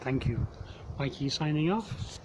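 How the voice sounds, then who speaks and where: A man, reciting a poem outdoors in a slow, measured reading. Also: medium pitch, expressive. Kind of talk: poetry recitation. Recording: noisy outdoor recording.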